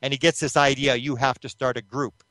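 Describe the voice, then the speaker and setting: A man's voice: mid-range voice, brisk, no echo. Dry-voiced man telling a story. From Canada. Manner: animated retelling that acts out quoted voices, with restarts. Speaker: interview guest, UFO researcher. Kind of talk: storytelling in an interview.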